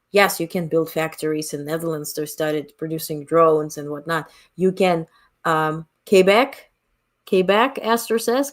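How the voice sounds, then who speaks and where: A woman's voice: lowish voice, fairly bright tone. A woman with a non-native English accent hosting a live stream, talking bluntly and reading viewers' chat comments aloud. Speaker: livestream host.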